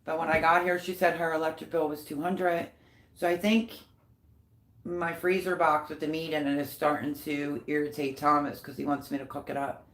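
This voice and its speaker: A middle-aged woman chats away on a casual live stream, rambling from one story to the next. Her voice sits a little low for a woman. Now and then she breaks off to coo softly at the dogs around her. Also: steady tone, moderate pace. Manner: chatty, rambling, coos baby talk at the dogs.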